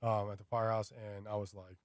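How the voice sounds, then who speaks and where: A man's voice: on the low side, quick pace, no room sound. Dry-sounding man rambling through a story. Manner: rambling, animated storytelling with many fillers. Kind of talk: casual radio chat. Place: radio studio.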